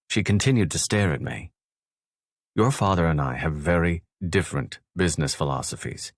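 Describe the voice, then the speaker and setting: A man with a very deep voice reads a first-person romance audiobook in a measured, low-key way. The sound is dry and close, with no room around it. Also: dry recording. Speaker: audiobook narrator.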